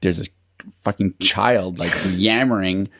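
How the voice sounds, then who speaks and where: A man co-hosting a relaxed podcast, his voice sitting a bit low. He rambles through stories, swears freely and keeps laughing at himself. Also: unhurried, no room sound, studio quality. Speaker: podcast co-host. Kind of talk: casual chat.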